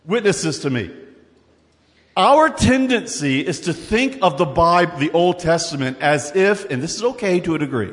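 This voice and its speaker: A man preaching a sermon in an animated, conversational way, with quick asides and repeated words as he works through scripture. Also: high voice, in a large hall. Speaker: pastor.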